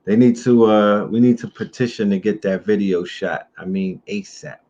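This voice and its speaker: Male show host, low voice, very slow and emphatic; muffled audio with faint noise. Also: dark tone. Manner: slow, drawn-out, emphatic delivery. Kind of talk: livestream talk show.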